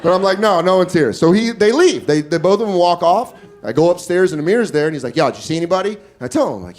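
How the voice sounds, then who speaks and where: A man's voice: a little high, lively intonation, fast, hardly any pauses, slight background noise. A man doing stand-up comedy on a club stage, telling a crude story and acting out other people's lines. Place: comedy club stage before a laughing crowd. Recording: live club with loud crowd laughter.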